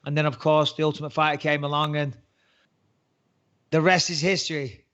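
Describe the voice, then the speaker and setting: A man in his forties with a Northern English accent tells his story to an interviewer, his voice sitting fairly high for a man. He talks in a lively, joking way, often laughing things off before he turns serious. The recording is muffled and lo-fi. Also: normal speed. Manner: chatty, jokey, animated. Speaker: interview guest, former fighter turned commentator. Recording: muffled lo-fi audio.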